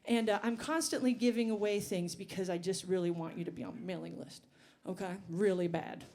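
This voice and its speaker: A woman's voice: medium pitch, steady tone, fairly quick, a little mellow. A woman singer and bandleader talking to the crowd between songs, chatty and rambling, on an outdoor festival stage.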